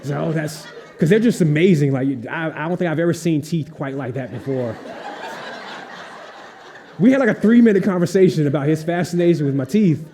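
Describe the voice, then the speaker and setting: Animated man telling a comic story. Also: on the high side, a little fast, a faint crowd, a little hiss or hum. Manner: animated storyteller, acts out voices, laughs often. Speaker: author on a panel. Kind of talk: anecdote telling at a live event.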